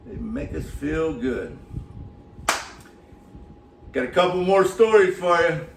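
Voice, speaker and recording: A man's voice: fairly high pitch, big pitch swings, takes it slowly, gravelly, echoey room, far from the mic, noisy background. A man, a son telling family stories about his mother in a folksy way, with many fillers and repeats. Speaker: son giving a tribute, gospel singer.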